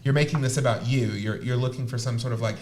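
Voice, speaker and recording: A man with an ordinary mid-range voice works through a personal answer on a panel show. He talks candidly and thoughtfully. He often pauses on fillers and restarts his sentences. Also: mid-range voice, a little mellow, slight background noise. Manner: thoughtful, candid, with frequent fillers and self-corrections. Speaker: co-host and high priest.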